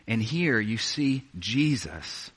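A man preaching a conversational sermon, moving between hushed, quiet lines and emphatic, rising ones. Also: medium pitch, sing-song, takes it slowly, breathy edge. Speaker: pastor.

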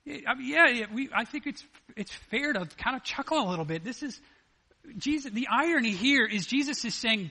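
A man preaching a sermon, animated and acting out the scripture dialogue as he retells it. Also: extremely high pitch, fairly quick, creaky. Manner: animated, acts out the scripture dialogue in lively voices. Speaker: pastor.

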